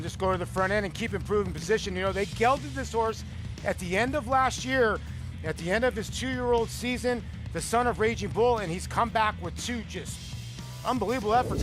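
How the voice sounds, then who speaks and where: A man analyzing a horse race in a relaxed, conversational way. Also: high voice. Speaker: racing analyst.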